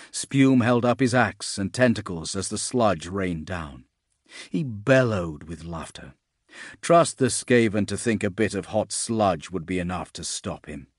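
A man reading fantasy fiction aloud in a steady, measured narration. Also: lowish voice, dry recording, clean studio sound. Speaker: audiobook narrator.

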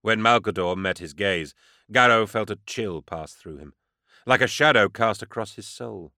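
Man narrating with a forceful, dry voice. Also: lowish voice, moderate pace, no echo. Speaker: audiobook narrator. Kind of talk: scripted narration.

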